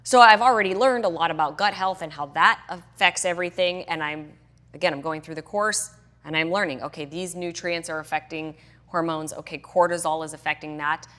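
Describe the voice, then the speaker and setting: A woman's voice: low-pitched, fairly quick, fairly bright tone. A middle-aged woman, a fitness and hormone health coach, chatting as a podcast guest and animatedly acting out her own past reactions. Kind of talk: casual podcast interview.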